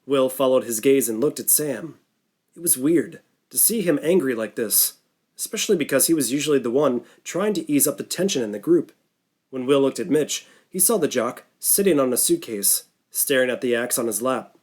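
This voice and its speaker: A man reading an audiobook thriller in steady scripted narration. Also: mid-range voice, normal speed, slightly rough.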